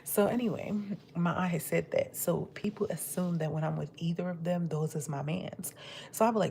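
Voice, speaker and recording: A woman's voice: low-pitched, moderate pace, gravelly, a little mellow, slight background noise. A woman livestreaming from home, telling gossipy stories in casual chat, acting out quotes and laughing often. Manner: laughs often while talking. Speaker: livestream vlogger. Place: at home, eating.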